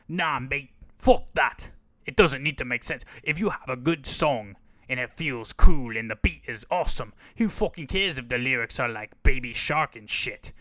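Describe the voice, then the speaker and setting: A man putting on a crude, loud British male fan of action movies, brash and sweary, in a podcast rant. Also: medium pitch, animated, moderate pace, no echo, clean studio sound. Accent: put-on British. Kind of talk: mocking impression in a podcast rant.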